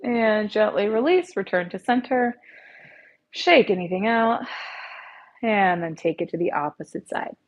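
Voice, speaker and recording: A woman yoga instructor calmly guiding a class through stretches, speaking into an earpiece mic. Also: mid-range voice, moderate pace, hardly any pauses, dull audio. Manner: gentle, calm cueing with soft encouragement.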